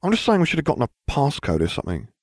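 A man's voice: on the high side, huge pitch swings, racing, no echo, studio quality, voice pushed up. A man doing a whiny, suspicious teen boy. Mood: grumbling. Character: grumbling, suspicious teenage boy.

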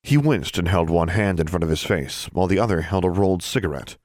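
A man narrating a fantasy story as an audiobook, steady storytelling with expressive dialogue. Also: low-pitched, quick pace, few pauses, no room sound, clean studio sound.

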